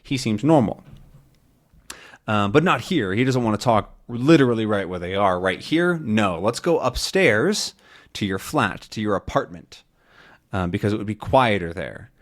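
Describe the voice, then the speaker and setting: Brief: male English teacher, animated, explaining a comic step by step. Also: on the low side, normal speed. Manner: animated, repeats and rephrases.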